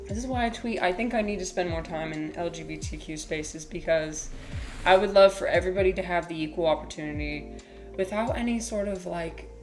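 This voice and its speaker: A woman talking casually on a livestream, reading chat aloud. She is animated, swears freely, laughs often and uses many fillers. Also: on the low side.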